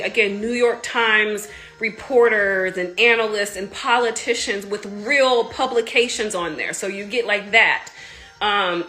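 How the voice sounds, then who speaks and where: Excited, congested woman in her thirties. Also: fairly high pitch. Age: 30s. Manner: excited, rambling, full of "like". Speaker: business marketing coach. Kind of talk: casual live video chat.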